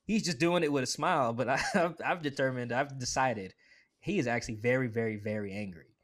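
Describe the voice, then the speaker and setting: A man talking as a guest on a sports podcast, in a casual, animated way full of asides and "like" fillers. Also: medium pitch. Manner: animated, quick asides, acts out quoted voices; conversational with frequent "like" fillers.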